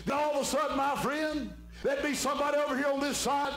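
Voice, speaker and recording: A man's voice: extremely high pitch, little pitch movement, quick pace, fairly bright tone, soft background music. A man preaching an evening sermon as pastor, fervent and fond of saying "my friend". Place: church sanctuary. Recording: echoey church room with faint hum.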